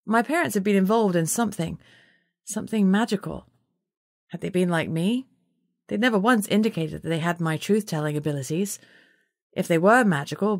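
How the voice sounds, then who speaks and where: A woman narrating an audiobook in first person with steady, measured storytelling. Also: medium pitch, no room sound, studio quality.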